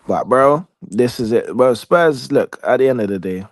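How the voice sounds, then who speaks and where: A man's voice: medium pitch, lively intonation, moderate pace, no room sound. A man ranting animatedly in casual podcast banter, full of street slang. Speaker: podcast co-host.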